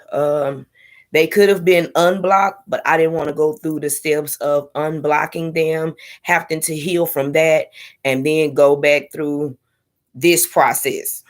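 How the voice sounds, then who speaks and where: A young woman in casual live-stream chat, candidly talking to her viewers with sassy asides. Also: low voice. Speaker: vlogger sharing her IVF journey.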